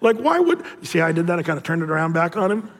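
A man's voice: on the high side, steady tone, very fast, a bit bright, long reverb tail. A man preaching a casual sermon as pastor, telling jokey stories with lots of restarts. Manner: casual, joking storyteller with many restarts. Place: church auditorium.

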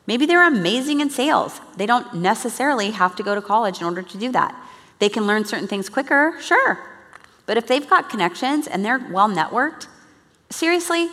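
A woman's voice: mid-range voice, a bit bright. A woman giving an earnest, chatty church teaching talk to a congregation. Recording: long reverb of a large hall.

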